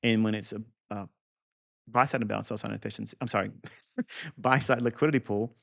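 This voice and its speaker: A man's voice: lowish voice, steady tone, fairly quick, vocal fry. A man teaching trading setups off a chart in an unscripted, blunt and profane way, with boastful asides. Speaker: trading educator.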